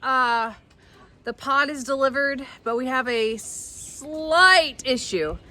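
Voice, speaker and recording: A woman's voice: high-pitched, slow, background noise. Chatty woman vlogging on errands. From Texas. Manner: chatty and heartfelt. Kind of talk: casual vlog narration. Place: in a vehicle and on errands.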